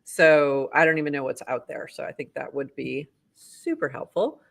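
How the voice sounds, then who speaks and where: A man with a Boston accent co-hosting a live show, briskly reading posts aloud and commenting on them. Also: on the high side, creaky, fairly bright tone. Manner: brisk, upbeat, reads posts then comments. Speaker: co-host.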